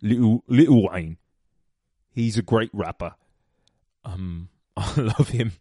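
A man putting on a loud hammy British bloke. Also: on the low side, takes it slowly, no echo, studio quality. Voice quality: exaggerated, shaky British accent that keeps slipping. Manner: loud, sing-song and giggly. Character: hammy, cheerful British man chatting about music.

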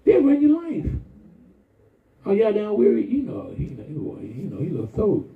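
A man preaching a lively, folksy sermon with call-and-response and shouts to the congregation. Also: high voice, normal speed, gravelly. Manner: folksy, conversational, acts out quoted voices. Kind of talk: lively Palm Sunday sermon. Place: church sanctuary. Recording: echoey church heard from far off over a tinny line.

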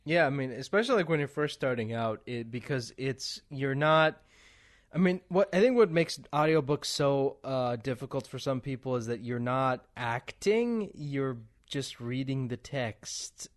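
A male podcast host talking casually with a guest, his speech full of "like" and "I mean". His voice has an average pitch and an easygoing flow. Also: measured pace. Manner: loose, chatty, lots of "like" and "I mean". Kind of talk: casual interview chat.

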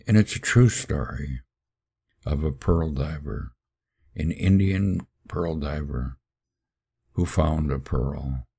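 A male podcast preacher tells a sermon story in a solemn, measured way. His voice sits extremely low with a gravelly edge, and his pace is slow and deliberate. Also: mellow.

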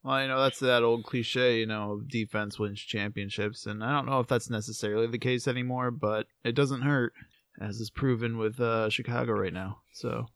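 A young man co-hosting a casual sports podcast, relaxed and loose, filling his talk with "you know" and "like". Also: medium pitch, normal speed, no room sound, clean studio sound. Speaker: podcast co-host.

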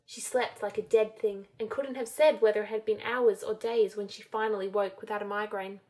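Woman, audiobook narration, steady even reading, story chapter. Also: mid-range voice, normal speed. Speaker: fan fiction reader.

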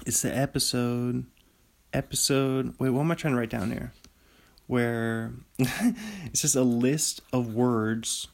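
A man hosting his own podcast in the small hours, talking in an unhurried, rambling way. His voice has a gravelly fry to it. He drifts between ideas and breaks into excited laughter. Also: mid-range voice. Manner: loopy, rambling, excitable with sudden laughing bursts. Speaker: podcast host. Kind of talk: solo late-night podcast ramble.

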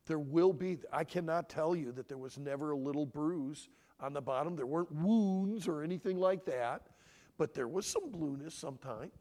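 A middle-aged man speaking at a family conference in a preaching style. He is emotional and swings between loud emphasis and hushed, near-whispered lines. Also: on the high side, moderate pace, long reverb tail.

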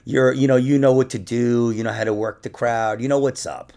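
A man's voice: medium pitch, steady tone, fairly quick, creaky, mellow. A young man hosting a podcast, chatting casually and cracking profane, jokey stories. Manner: profane, jokey storyteller who laughs at his own lines. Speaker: podcast host. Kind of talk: casual chat.

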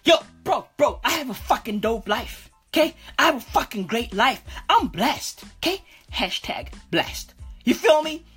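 A woman's voice: high voice, big pitch swings, unhurried, a bit bright, slightly rough, soft background music, full character voice. A woman playing a boastful, foul-mouthed male street bro who talks in cursing slang and keeps saying "bruv", in a comedic character monologue.

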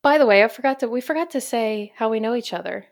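Chatty, easygoing woman host for a casual podcast, quick to laugh. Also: on the high side, vocal fry. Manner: chatty and upbeat, laughs easily.

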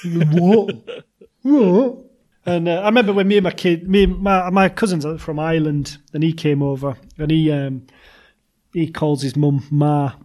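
Laughing man, slightly high voice. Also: steady tone, moderate pace, a little mellow. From Yorkshire, England. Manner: laughs often while telling stories. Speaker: podcast co-host. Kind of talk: casual chat.

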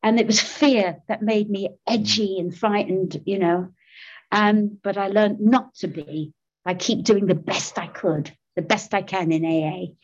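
A woman's voice: mid-range voice, steady tone, measured pace. Middle-aged woman telling her recovery story, laughs a lot, pokes fun at herself, kinda muffled lo-fi sound. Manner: candid, self-mocking, laughs often. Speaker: speaker sharing recovery story. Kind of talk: personal testimony talk.

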